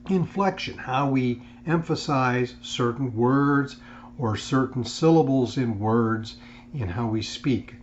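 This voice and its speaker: A man's voice: medium pitch, slight background noise. Man lecturing, dull lo-fi sound. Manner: measured, with frequent fillers and restarts. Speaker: instructor. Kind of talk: recorded lecture.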